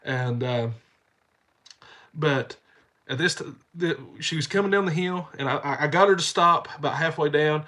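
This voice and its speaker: Fairly high in pitch, his voice comes across pushed and bright at a normal speed. He's a channel host, nose stuffed up from a cold, rambling through folksy camera stories and going over the same points again.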